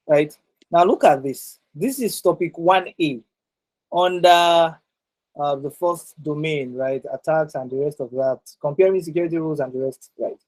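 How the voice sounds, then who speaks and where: A man's voice: on the high side, darkish tone, low-quality recording. A man teaching a live online exam-prep class over a video call. He repeats his points and tags many sentences with "right?".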